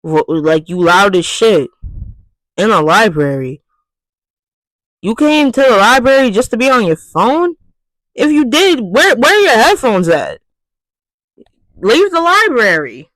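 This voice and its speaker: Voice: mid-range voice, fairly bright tone, no room sound, poor audio. A vlogger ranting casually to camera, exasperated and profane, repeating phrases for emphasis.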